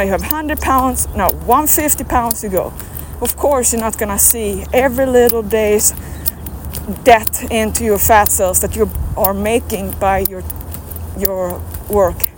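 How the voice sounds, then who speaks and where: A woman with a high voice talks outdoors, firing questions at her viewers in a rambling, emphatic fitness pep talk. Street traffic hums clearly in the background. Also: measured pace. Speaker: fitness coach. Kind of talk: motivational vlog talk.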